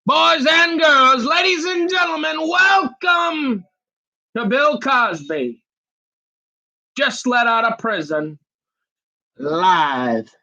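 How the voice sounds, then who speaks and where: A man putting on the voice of an over-the-top male announcer opening a live broadcast, shouting and drawing out each phrase. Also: very high voice, sing-song, voice pushed up, heavily acted. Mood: booming. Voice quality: shouted, drawn-out announcer delivery.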